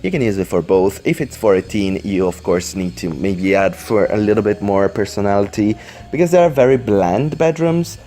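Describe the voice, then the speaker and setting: A man's voice: fairly low pitch, moderate pace, mellow. A man with English as a second language doing casual voice-over commentary at home, rambling with many fillers and apologies. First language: not English. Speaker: Sims speedbuild commentator. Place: indoors at home, computer on lap.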